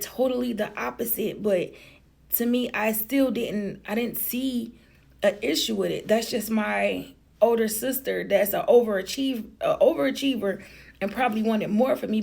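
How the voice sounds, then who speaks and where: A woman's voice: on the high side, gravelly, a little mellow. A woman vlogger telling a personal story to the camera in a blunt, chatty, profane way.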